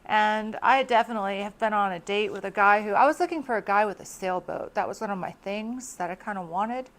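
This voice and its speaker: A middle-aged woman vlogger chatting to camera in a casual, expressive monologue, laughing often. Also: medium pitch, brisk.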